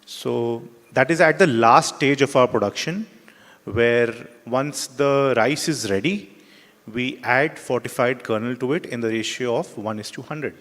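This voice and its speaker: A man's voice: mid-range voice, a bit bright. A man, a rice miller on a panel, explaining things in plain, practical terms. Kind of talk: panel discussion answer. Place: conference hall. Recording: reverberant conference hall.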